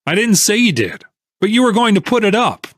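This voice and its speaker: A man voicing a furious, shouting male speculator in an audiobook, accusing and sputtering with anger. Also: high voice, big pitch swings, fairly quick, dry recording, clean studio sound, voice pushed up, exaggerated voice. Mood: angry shouting. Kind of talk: audiobook character voice.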